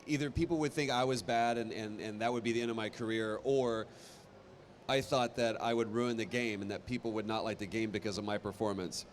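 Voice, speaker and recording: Animated man telling stories on a convention panel. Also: fairly low pitch, a little fast, a little hiss or hum. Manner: animated, self-deprecating, stumbling restarts. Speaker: voice actor guest on a convention panel. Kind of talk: live panel storytelling. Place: convention stage.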